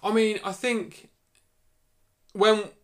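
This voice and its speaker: A man's voice: high-pitched, little pitch movement, extremely slow, fairly bright tone. A man co-hosting a podcast, chatting casually and telling stories with repeats and fillers. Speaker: podcast co-host. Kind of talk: casual chat.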